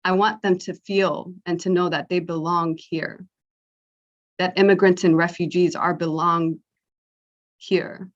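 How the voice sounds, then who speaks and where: A woman running for county council speaks without a script, earnest and a little playful. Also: on the low side. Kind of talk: unscripted campaign speech. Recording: muffled lo-fi audio.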